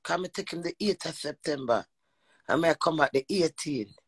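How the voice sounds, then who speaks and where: A woman with a Jamaican accent telling a personal story in an animated monologue, emphatic and profane, often slipping into quoted speech. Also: deep voice, moderate pace, husky, no echo, low-quality recording. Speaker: vlogger.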